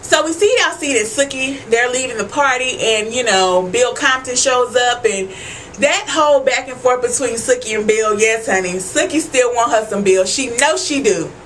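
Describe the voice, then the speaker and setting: A woman's voice: fairly high pitch, lively intonation, normal speed, a bit bright, a little hiss or hum. A young woman giving a casual, profane episode recap, talking straight to her viewers and often asking "you know what I'm saying". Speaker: TV recap vlogger.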